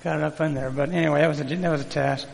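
A man's voice: on the high side, steady tone, racing, creaky, long reverb tail, slight background noise, rough recording. A man preaching a sermon in a folksy, conversational way, calling on the congregation to repeat words back. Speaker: pastor.

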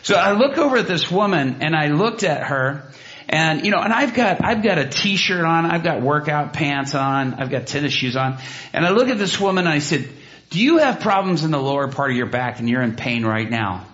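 Preacher man, slightly high voice, lively storyteller; dull lo-fi sound. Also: moderate pace. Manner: animated storytelling, acts out quotes. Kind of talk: sermon with personal story. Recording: dull lo-fi recording.

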